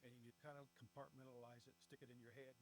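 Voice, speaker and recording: An older man speaking in a quiet, halting, reflective way as a guest in an interview. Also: medium pitch, level tone, no echo, rough recording. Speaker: stepfather and guest.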